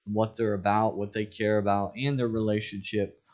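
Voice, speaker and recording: A low-voiced man talks through scripture in a loose, rambling way, full of "um"s and restarts. The recording is dull and lo-fi, and it sounds like a relaxed chat between co-hosts. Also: moderate pace. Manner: rambling, with many fillers and restarts. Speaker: podcast co-host. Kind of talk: casual Bible study chat.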